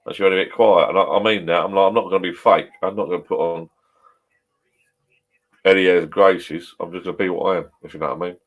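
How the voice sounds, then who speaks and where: A man's voice: low-pitched, steady tone, fast. A man in his fifties chatting casually in his home pub shed, rambling, swearing and chuckling a few beers in. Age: 50s. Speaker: vlogger.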